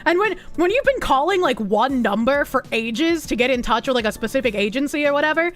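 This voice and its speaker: A young woman with a Boston accent talks to her stream chat with a high, lively voice that leaps around as she jokes and swears. Faint music plays behind her. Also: brisk. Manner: animated, swearing, laughing, bursts into loud put-on yells. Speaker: streamer reading chat messages. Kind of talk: casual livestream chat.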